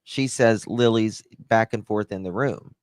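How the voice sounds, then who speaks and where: A man's voice: on the low side, unhurried, a little mellow, dry recording, clean studio sound. A middle-aged man giving casual true-crime commentary to a live chat, blunt and sarcastic, brushing off claims he finds weak.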